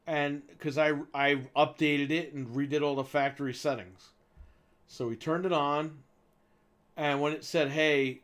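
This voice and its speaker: With a fairly high pitch, the man co-hosting a gaming show spins a long, casual story. He gets animated, curses without restraint, and acts out each person in it.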